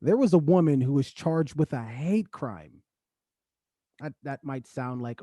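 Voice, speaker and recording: A man co-hosting a casual podcast, talking in an animated way and rising into excited outbursts. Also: mid-range voice, unhurried, dry recording, clean studio sound. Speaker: podcast co-host.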